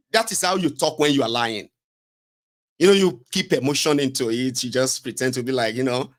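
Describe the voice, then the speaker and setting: A commentary host with a Nigerian accent and a medium-pitched voice talks briskly through casual political commentary. His delivery rambles and mocks, drifting between English and pidgin.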